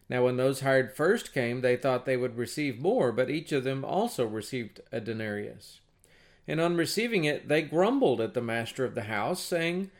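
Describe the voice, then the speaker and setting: A man reading a Bible passage aloud and then explaining it in a plain, conversational teaching sermon. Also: medium pitch. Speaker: preacher.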